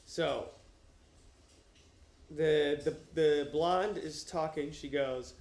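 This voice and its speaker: A man's voice: a little high, very slow, pauses often, darkish tone. A man chatting casually and profanely on a livestream from a room at home while wearing headphones, joking around as he reads a novel aloud. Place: room at home with his dog. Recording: roomy echo.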